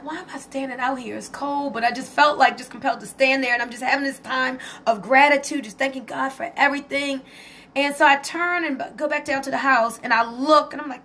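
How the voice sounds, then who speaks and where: In a casual Facebook Live testimony, a woman talks excitedly and emotionally to her viewers and reads their comments aloud. Her voice is high-pitched.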